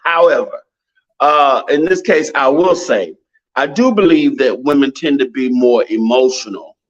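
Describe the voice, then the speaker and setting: A man's voice: mid-range voice, lively intonation, measured pace, muffled recording. A man co-hosting a podcast, chatting casually and agreeing often. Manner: affirming, frequent agreement. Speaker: podcast co-host. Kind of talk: casual chat.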